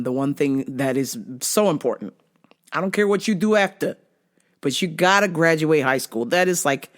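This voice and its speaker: A man hosting a podcast, telling stories casually, swearing freely and laughing at his own jokes. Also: on the high side. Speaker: podcast host. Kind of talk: casual storytelling monologue.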